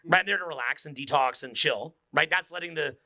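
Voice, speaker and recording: A man giving a live seminar talk in a room without speakers, energetic, joking and profane. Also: fairly high pitch, brisk. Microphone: unamplified room talk.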